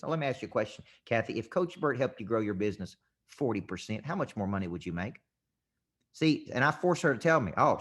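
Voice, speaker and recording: A man who is a business coach gives a motivational talk to an audience and acts out sales calls as dialogue. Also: lowish voice.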